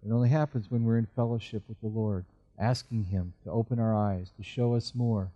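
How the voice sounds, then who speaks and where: Brisk and steady in tone, this middle-aged pastor preaches with earnestness, slipping into the voices of Bible figures with a rising pitch. The sound is lo-fi.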